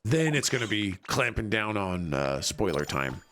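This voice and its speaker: A man's voice: lowish voice, big pitch swings, moderate pace, fairly bright tone, slight background noise. A man livestreaming a video game, chatting casually, joking and reading viewer messages aloud. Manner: jokey, reads chat aloud, laughs often. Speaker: streamer. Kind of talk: casual livestream chat while gaming.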